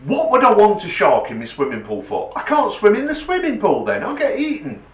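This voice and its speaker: A man voicing a rich, fussy, excitable man, emphatic and easily startled. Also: high voice, fairly quick, roomy sound, pitched above the performer's own voice, full character voice. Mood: indignant.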